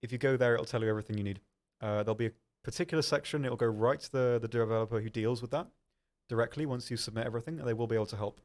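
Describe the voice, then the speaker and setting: A man's voice: medium pitch, racing, a little mellow. A young man hosting a live stream, casually reading viewer questions aloud and answering them with frequent ums and self-deprecating asides. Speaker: stream host answering chat.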